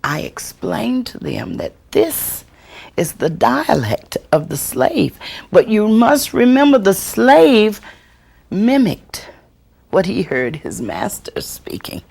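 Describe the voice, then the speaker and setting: Gravelly, expressive woman storyteller. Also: mid-range voice. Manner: expressive, acts out quoted voices; slow, deliberate delivery with chuckles. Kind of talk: workshop talk answering audience questions.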